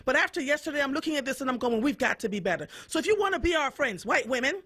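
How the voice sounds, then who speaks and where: A woman's voice: sits high, animated, racing, pushed and bright. A woman from Jamaica hosting a radio show, giving an impassioned, emphatic monologue and repeating points for emphasis. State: fed up. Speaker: radio host.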